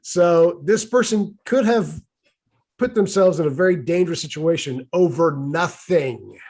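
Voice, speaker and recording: A man's voice: fairly high pitch, a little slow, a little mellow. A middle-aged man telling a personal story in a casual, wry, exasperated way.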